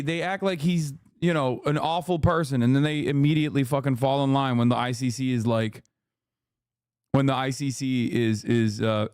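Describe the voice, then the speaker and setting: Profane, ranting male streamer with smooth voice. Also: mid-range voice, no echo, clean studio sound. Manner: animated, profane, sarcastic ranting. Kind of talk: live stream commentary.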